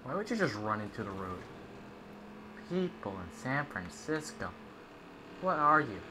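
A man's voice: medium pitch, very animated, measured pace, background noise. A young man giving casual, jokey gameplay commentary and chatting at the game characters. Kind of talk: casual let's-play commentary.

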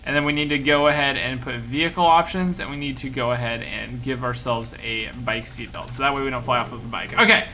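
A young man streaming a game, giving energetic commentary and often repeating himself. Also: mid-range voice, fast talker, hardly any pauses, a little hiss or hum. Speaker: gaming streamer. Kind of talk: excited live gameplay commentary.

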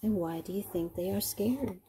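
A woman's voice: mid-range voice, dark tone, slightly rough. A woman teacher reading a picture book aloud to children and asking them questions as she goes. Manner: asks children questions, slow and patient.

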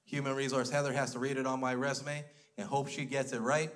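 A man's voice: mid-range voice, flat delivery, brisk. A man in his thirties from Alberta, Canada, doing stand-up comedy with crude, self-mocking storytelling before a live audience. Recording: loud noisy live stage recording.

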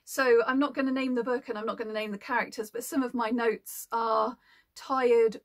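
A woman's voice: a little high, steady tone, moderate pace. A woman working as an audiobook narrator, explaining her work in a casual, thoughtful way with frequent ums. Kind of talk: casual explanatory talk to camera.

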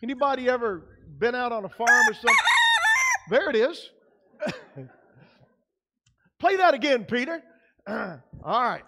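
A man's voice: very high voice, big pitch swings, unhurried, pauses often, sharp tone. A man preaching a sermon as pastor in a church, conversational with frequent fillers. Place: church sanctuary.

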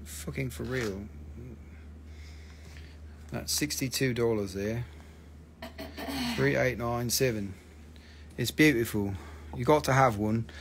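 Over noisy background sound, a man with a mid-range voice speaks slowly and pauses often while running a laid-back mineral-selling live stream on his phone mic. He jokes, occasionally curses, and spells out stone names.

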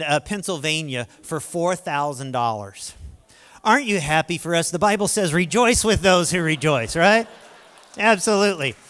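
A man preaching a sermon as a lively storyteller, acting out dialogue with humorous asides. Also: on the high side. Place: large lecture hall. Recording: long hall reverb.

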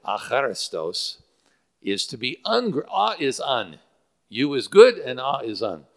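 A man's voice: medium pitch, sing-song, a little slow, gravelly. A male pastor preaching a sermon that explains Greek word roots, with frequent fillers. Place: church sanctuary. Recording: church hall with long reverb.

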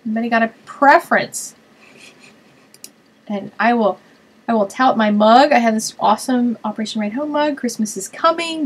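A woman's voice: on the high side, breathy edge, low-quality recording. A woman hosting a card-making web show, chatting casually and thinking aloud as she works on a live stream.

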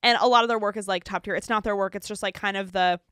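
A woman's voice: mid-range voice, steady tone, racing, fairly bright tone, smooth, no room sound, studio quality. A young woman from the United States co-hosting a casual podcast, talking in a chatty way with lots of fillers. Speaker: podcast co-host. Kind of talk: casual chat.

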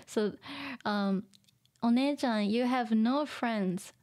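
A woman teaching vocabulary through a manga, explaining slowly, repeating words and laughing often. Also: on the high side, sing-song, darkish tone. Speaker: Japanese teacher. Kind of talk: manga reading lesson.

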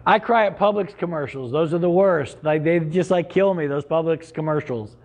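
A man's voice: fairly high pitch, normal speed, darkish tone. A middle-aged man preaching a sermon as pastor, earnest and conversational, with sudden emphatic rises.

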